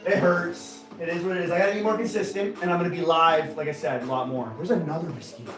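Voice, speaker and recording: A man with a high voice hosts a casual live stream, chatting to viewers and breaking into loud, excited exclamations. He sits well back from the mic in an echoey room, with music playing behind him. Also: fast talker, recorded from a distance. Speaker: live-stream host doing knife-throwing trick shots.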